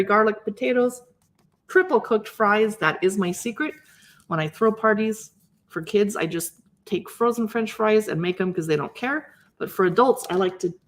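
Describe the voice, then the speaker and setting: A woman hosting a casual live stream, chatting enthusiastically as she flips through cookbooks and muses aloud over recipes. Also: medium pitch. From Seattle area. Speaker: cookbook channel host.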